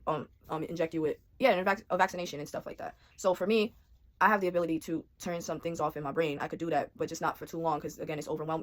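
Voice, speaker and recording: Fast-talking young woman telling a story. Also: on the low side. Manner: rapid, animated, slangy retelling with quoted inner thoughts. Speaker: vlogger telling a personal story. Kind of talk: casual storytelling.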